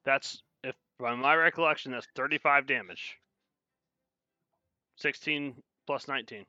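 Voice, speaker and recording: Game master, male, very bright tone, dull dry lo-fi recording. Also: medium pitch, dry recording. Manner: slows down for dramatic narration. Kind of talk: narrating a tabletop game.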